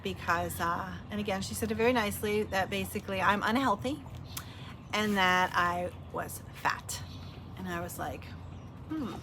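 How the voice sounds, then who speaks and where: A woman's voice: medium pitch, moderate pace. Middle-aged woman, chatty storyteller, casual home vlog, faint background hiss. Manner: chatty storytelling with fillers and acted-out quotes. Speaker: vlogger sharing weight loss tips. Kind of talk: casual heartfelt chat.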